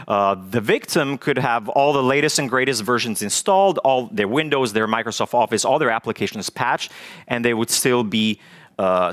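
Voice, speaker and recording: A man giving a technical conference talk, halting often with fillers and restarts. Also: mid-range voice, a bit bright. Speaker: conference speaker. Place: conference stage.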